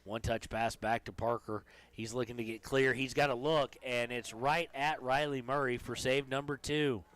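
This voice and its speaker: A man calling play-by-play for a high school soccer game, chatty and joking between plays. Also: fairly even intonation, moderate pace, a bit bright. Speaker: play-by-play commentator.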